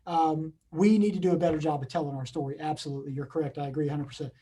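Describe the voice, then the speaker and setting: A middle-aged man speaking on a video call from his office, his voice pitched fairly high yet warm and mellow. He tells a story earnestly, stumbling and restarting often, with a husky edge to his tone. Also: fairly even intonation, racing. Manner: earnest, many restarts and repeats. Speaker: police chief, guest speaker. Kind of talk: unscripted storytelling at a community meeting.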